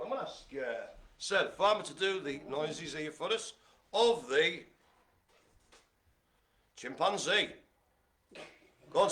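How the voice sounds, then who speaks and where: A middle-aged man hosting a live bingo game, chatty and jokey, speaking to his audience as ladies and gentlemen. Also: fairly high pitch. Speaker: bingo caller and host.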